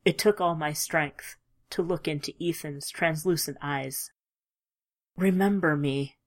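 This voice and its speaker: A woman reading a first-person story aloud in a measured, emotive way, dropping at times to a hush. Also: low-pitched, steady tone. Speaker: audiobook narrator. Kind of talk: scripted audiobook narration.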